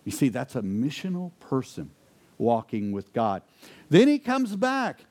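A man preaching a sermon, asking rhetorical questions and dropping to quiet intensity for emphasis. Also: mid-range voice, huge pitch swings, a little slow. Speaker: pastor.

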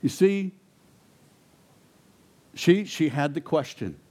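Speaking slowly with frequent pauses, a male pastor with a fairly high voice shares a personal story from the pulpit. He grows animated and builds to emphatic questions at the sermon's peaks.

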